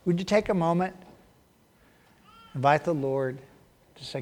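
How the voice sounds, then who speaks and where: High-voiced folksy preacher man. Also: measured pace, a little mellow. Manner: folksy, down-home storytelling. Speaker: pastor. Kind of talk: sermon with a folksy story.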